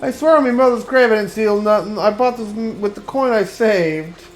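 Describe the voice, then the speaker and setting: A frightened refugee father begs in a strained Cockney voice, put on by a man reading a video game aloud. He stammers and pleads, pitched far above a normal man's speech. Soft game music hums underneath. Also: normal speed, lightly acted. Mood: pleading.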